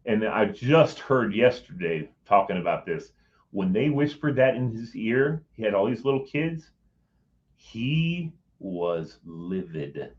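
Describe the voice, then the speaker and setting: A man's voice: fairly low pitch, expressive, slow pace. A man telling a personal story in a rambling, casual way, with some swearing, acting out what others said. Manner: rambling, swears, acts out quoted voices. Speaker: former Capitol Hill staffer telling a story. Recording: dull lo-fi audio.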